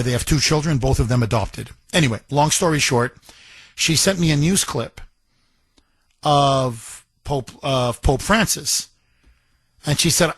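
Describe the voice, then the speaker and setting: A man's voice: medium pitch, a bit bright, husky, dry recording. A man hosting a talk radio show, speaking emphatically and indignantly with many restarts.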